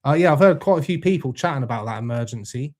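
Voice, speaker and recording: A young man with a mid-pitched voice hosts a casual live chat. He is laid-back and swears freely, and he greets viewers one by one as their comments come in. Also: animated, fast talker, darkish tone. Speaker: livestream host reading chat.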